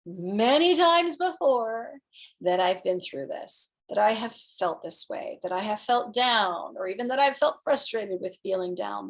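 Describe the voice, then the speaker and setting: Animated, earnest woman coach talking casually. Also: mid-range voice. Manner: animated and earnest, laughing often and acting out her inner voices. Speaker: host and inner-work coach. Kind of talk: casual self-help talk on a live show.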